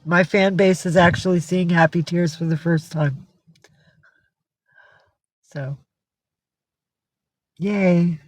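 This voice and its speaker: A woman's voice: lowish voice, fairly even intonation, slow pace, pauses often, no echo. A woman livestreaming in casual chat, teary and emotional, slipping into baby talk with her cat. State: tearful.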